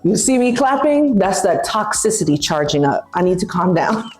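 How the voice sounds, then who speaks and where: A woman's voice: fairly low pitch, big pitch swings, normal speed, music in the background. A young woman in her twenties giving blunt, playful big-sister advice in a casual vlog, reading out viewer questions.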